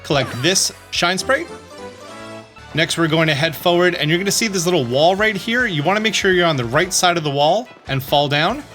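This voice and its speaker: A man's voice: on the high side, expressive, normal speed, sharp tone, soft background music. A man giving chatty, upbeat walkthrough commentary at home, often reading game text aloud. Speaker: gaming YouTuber.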